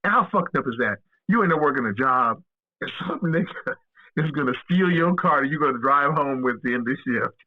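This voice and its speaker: A man tells stories as a podcast guest, profane and animated, jumping into the voices of the people in them. His voice is husky and sits in a middle register. He comes through a tinny, phone-like line. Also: medium pitch, a little fast. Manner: animated, profane, acts out quoted dialogue. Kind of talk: casual storytelling.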